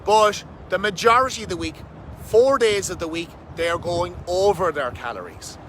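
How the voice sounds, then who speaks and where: A man talking fast and energetically as a fitness coach, swearing casually, in a casual vlog recorded outdoors under a bridge. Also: high-pitched, expressive, fairly bright tone, rough recording. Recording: outdoor wind and traffic noise.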